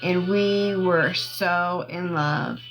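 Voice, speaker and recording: A woman's voice: fairly low pitch, very slow, over music, low-quality recording. A woman chatting casually on a livestream, rambling through a personal story and asking viewers for gifts. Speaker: TikTok live streamer.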